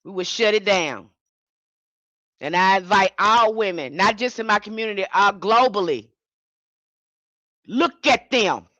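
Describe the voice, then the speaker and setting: A woman's voice: mid-range voice, animated, a little slow, pauses often, fairly bright tone, dry recording, highs cut off. A woman giving an impassioned livestream sermon as a spiritual teacher, speaking in a fiery, confrontational way and repeating her points.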